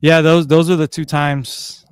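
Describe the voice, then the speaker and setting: A man co-hosting a podcast, telling a story in a casual, animated, profane way. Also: on the high side, a little slow, clean tone, no room sound, clean studio sound. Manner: animated, profane storyteller, swings loud and soft. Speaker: podcast co-host. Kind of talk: casual chat.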